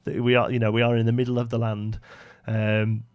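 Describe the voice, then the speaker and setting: A man's voice: mid-range voice, completely flat delivery, brisk, clear, resonant tone, no room sound, highs cut off. A man with a Brummie accent chatting casually on a live stream while he builds, reading viewers' messages and answering them. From West Midlands, England. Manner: chatty, reads chat aloud and answers viewers.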